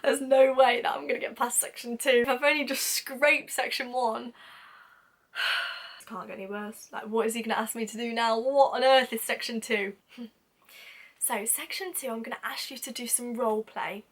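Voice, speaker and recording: A young woman chats through an embarrassing story in a lively, casual voice, slipping into little acted lines as she goes. Her voice sits a touch higher than most women's. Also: moderate pace. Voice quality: lively, acts out quoted lines with sudden whispers and laughs. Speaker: vlogger.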